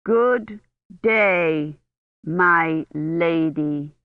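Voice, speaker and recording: A woman reading a kind young male knight who speaks slowly and over-distinctly. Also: fairly low pitch, expressive, no room sound, phone-quality sound. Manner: slow, over-distinct, emphatic speech.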